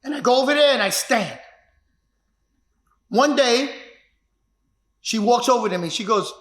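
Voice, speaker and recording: A martial arts instructor telling his own story in an emphatic, repetitive way that builds to shouts. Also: extremely high pitch, expressive, unhurried, pauses often. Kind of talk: personal storytelling. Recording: echoey room.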